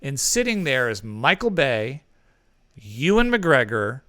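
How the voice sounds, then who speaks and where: A man's voice: mid-range voice, big pitch swings, slow, fairly bright tone, no echo, studio quality. A man co-hosting a podcast, telling a long rambling anecdote in casual chat. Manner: rambling anecdote with many fillers and restarts. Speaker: podcast co-host.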